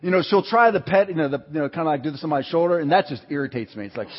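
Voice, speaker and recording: A man preaching a sermon with a fairly high, husky voice. He talks in a lively, conversational way, swinging between loud and soft. The sound is dull and muffled, and it rings with long reverb from a large hall. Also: rapid-fire, few pauses. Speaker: pastor.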